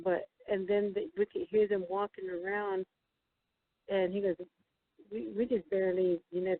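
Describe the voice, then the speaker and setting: A woman guest telling a story in a halting, casual way, with many fillers and restarts as she quotes other people. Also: mid-range voice. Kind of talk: casual storytelling over the phone. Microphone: telephone. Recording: tinny dry phone line.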